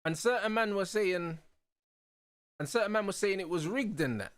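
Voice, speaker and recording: A young man hosting a live football watch-along, talking excitedly in heavy slang and laughing loudly. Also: high-pitched, moderate pace, no room sound. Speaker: host.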